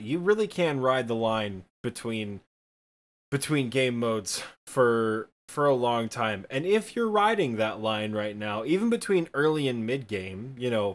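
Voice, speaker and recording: Michigan-accented man chatting casually. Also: medium pitch. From Midwestern United States. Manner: rambling, self-deprecating, quick bursts with fillers. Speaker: podcast co-host. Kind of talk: casual chat.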